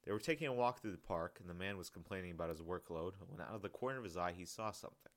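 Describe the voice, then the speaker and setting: A man reading his own novel aloud in a calm, measured audiobook narration. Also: sits low.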